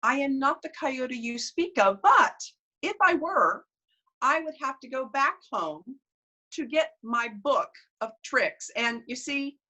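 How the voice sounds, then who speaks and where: A woman voicing a sly, calm male coyote trickster in a told story, speaking smoothly and unhurriedly with an innocent air. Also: on the high side, pitched above the performer's own voice, full character voice.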